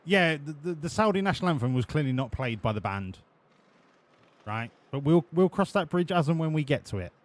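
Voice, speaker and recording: A man streaming a racing game live, bantering with his chat in a profane, excitable way. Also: fairly high pitch, brisk.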